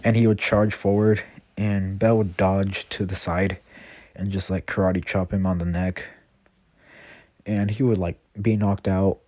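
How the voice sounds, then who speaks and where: A man's voice: low-pitched, little pitch movement, measured pace, darkish tone, no room sound. A man casually retelling a fan story, rambling with constant fillers and self-corrections. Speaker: channel host.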